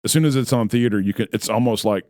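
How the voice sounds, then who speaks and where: A man's voice: medium pitch, fast, dark tone, dry recording. Opinionated man in his thirties, dry mic. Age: 30s. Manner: opinionated, rambling, jokey. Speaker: podcast co-host. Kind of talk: casual chat.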